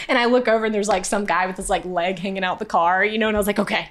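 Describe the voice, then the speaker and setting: A young actress telling funny stories as an interview guest, lively and self-mocking, dropping to a hush for the punchlines. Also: female voice, mid-range voice, rapid-fire, few pauses. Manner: lively, self-deprecating, drops to a hushed voice for punchlines. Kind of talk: animated storytelling in casual chat.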